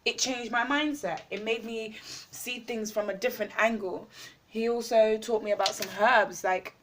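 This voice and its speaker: A woman's voice: a little high, moderate pace, a bit bright, slight background noise. Effusive woman in a casual video diary. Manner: effusive, repeats words, many fillers; talks while eating. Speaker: vlogger.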